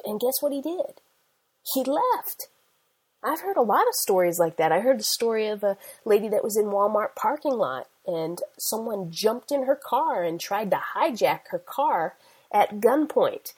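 Breathy woman preaching a sermon. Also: mid-range voice, expressive, measured pace, a little mellow, low-quality recording. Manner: earnest, conversational storytelling with scripture quotes.

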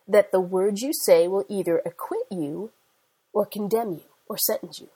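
A woman's voice: medium pitch, moderate pace, warm tone, breathy edge, poor audio. A middle-aged woman preacher delivering an earnest sermon, telling stories in a conversational way and quoting scripture.

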